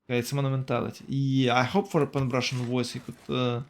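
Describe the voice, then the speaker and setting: A man's voice: mid-range voice, little pitch movement, fast talker, a little hiss or hum. A man commentating a strategy game tournament, thinking aloud with hesitations and self-corrections.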